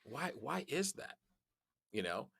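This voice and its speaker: A man guest on a podcast, telling stories in casual conversation, animated and laughing as he talks, often restarting his sentences. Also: slow pace, creaky, breathy edge. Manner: animated storyteller, jumps high in pitch on quoted lines; frequent restarts and laughs while talking.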